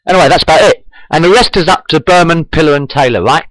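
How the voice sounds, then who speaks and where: A man's voice: on the high side, fast talker, no echo, rough recording. A man reading his own fan fiction aloud into a webcam at home, repeating lines as he goes. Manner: animated storytelling, repeats lines.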